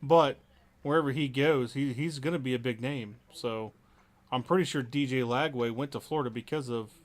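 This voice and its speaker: A man co-hosts a relaxed football talk show. He hedges his picks, trails off and restarts as he thinks out loud, with an easy conversational delivery. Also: medium pitch, moderate pace. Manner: hedging, thinks aloud with restarts. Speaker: co-host. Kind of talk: casual sports chat.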